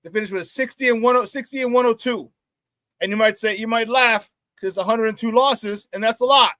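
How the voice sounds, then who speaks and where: A man hosting a casual sports talk show, telling stories excitedly with many restarts and repeated words. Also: very high voice, fairly quick, no room sound.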